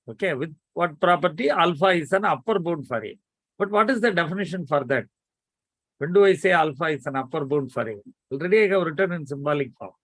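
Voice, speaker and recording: Male math teacher, online lecture, coaxing and brisk, dry close-miked sound. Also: on the high side, fairly bright tone, dry recording. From India. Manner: coaxing students to answer quickly.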